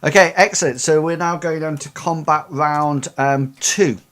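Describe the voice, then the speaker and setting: A man's voice: a little high, moderate pace, fairly bright tone. A man narrating as game master of a tabletop role-playing game, explaining rules and describing combat with many hesitant fillers.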